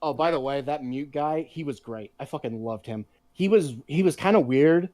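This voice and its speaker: Profane, animated man telling stories. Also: fairly high pitch, moderate pace, dry recording. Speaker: podcast co-host. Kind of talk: casual chat.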